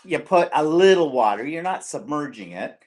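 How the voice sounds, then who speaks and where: A man's voice: a little high, lively intonation, normal speed, a little mellow. A middle-aged Canadian man hosting a live-stream vlog, chatting and teasing in a rambling way. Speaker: vlog host.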